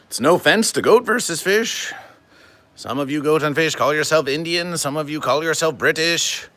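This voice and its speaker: A man hosting a comedic livestream, talking to his chat in a deadpan, stilted, formal way and calling himself by his show's name. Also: on the high side, moderate pace. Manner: deadpan, stilted formal phrasing, refers to himself in third person. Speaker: livestream host.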